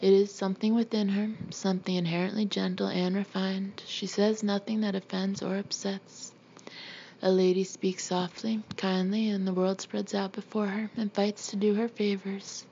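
A woman's voice: mid-range voice, little pitch movement, moderate pace, dark tone, highs cut off, a little hiss or hum, natural voice. A woman reading the part of a prim, genteel mother who lectures her children about manners. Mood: lecturing. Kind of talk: audiobook character reading.

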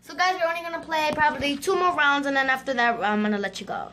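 A woman giving excitable gameplay commentary for her channel, with dramatic outbursts and moments of frustration. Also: high-pitched, fast, noisy background. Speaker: gaming YouTuber.

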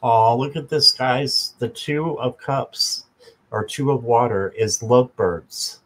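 Slow-talking man hosting a live stream. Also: mid-range voice, rough recording. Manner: slow, chatty, talks to viewers by name, jokes. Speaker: tarot reader and channel host. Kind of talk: casual live-stream chat.

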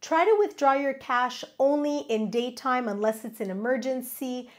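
A woman's voice: sits high, moderate pace. A middle-aged woman presenting travel safety tips in a friendly, advising way, counting through a numbered list. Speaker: travel vlogger. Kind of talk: scripted travel tips to camera.

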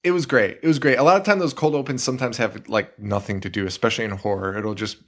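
Animated man retelling a movie. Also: medium pitch, fast talker. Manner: animated, retells scenes with quoted voices. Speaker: podcast co-host. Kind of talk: casual chat.

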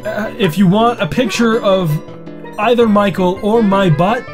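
A man's voice: high-pitched, unhurried. A young man co-hosting a game let's play, joking and sarcastic, slipping into silly voices. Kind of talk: casual gameplay commentary. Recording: game music playing behind.

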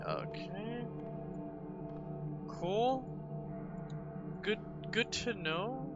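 A man commenting on a horror game as he plays, easily frightened, repeating himself over and over and yelling and swearing in alarm. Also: high voice, slow, pauses often. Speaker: gaming channel host. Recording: dull lo-fi with game music. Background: game soundtrack music.

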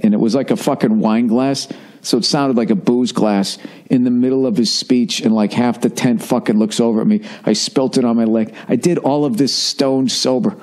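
A man's voice: mid-range voice, darkish tone. A man hosting a podcast, telling rambling comedic stories in a profane, conversational, self-mocking way. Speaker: podcast host.

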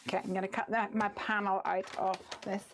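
A woman's voice: medium pitch, little pitch movement, fairly quick, slight background noise. Chatty woman hosting a craft stream. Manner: chatty, thinks aloud, easily distracted. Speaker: crafting live-stream host. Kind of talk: casual chatty craft demo. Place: home craft room.

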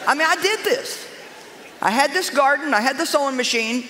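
A woman's voice: high voice, moderate pace, long pauses, background noise. Sassy older woman preaching in a big echoey hall. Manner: sassy, animated, self-mocking. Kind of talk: humorous sermon storytelling. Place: large church auditorium with a live congregation. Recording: echoey hall with crowd laughter.

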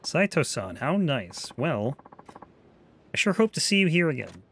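A courteous young shopkeeper woman from a samurai video game, played by a man. She speaks gently and slowly, in a raised, sweet voice. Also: a little high, sing-song, creaky, slight background noise, voice pushed up, heavily acted. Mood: polite.

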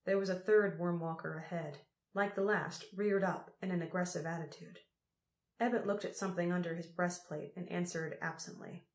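A woman narrating an audiobook in a steady, measured way. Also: lowish voice. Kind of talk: scripted narration. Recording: roomy echo.

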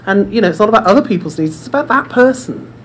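Brief: forum presenter, conversational storyteller, middle pitch, faint room noise. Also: expressive, fast talker, fairly bright tone. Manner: chatty, repeats words, addresses audience directly. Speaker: speaker at a dementia care forum. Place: indoor room with audience.

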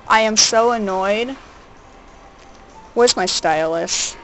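A woman's voice: mid-range voice, a little slow, a bit bright, low-quality recording. A woman groaning, whining and being sarcastic while streaming a handheld game at home. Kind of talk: live game stream commentary. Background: faint game music.

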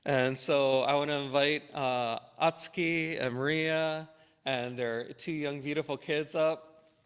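Male pastor, unhurried and deliberate, leads worship in a reverberant church sanctuary. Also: on the high side, steady tone, fairly bright tone, clean tone. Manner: slow, measured reading with emphatic phrases. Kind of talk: church welcome, scripture reading and prayer. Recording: long hall reverb.

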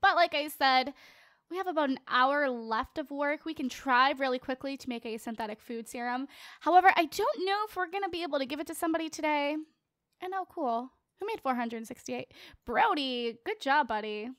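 A teenage girl with a bright, high voice talks her way through a game session in a loose, chatty style. She jokes with her viewers and keeps up a playful running commentary. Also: lively intonation, a little fast, dry recording, clean studio sound. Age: late teens. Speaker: let's play host. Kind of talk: casual gameplay commentary.

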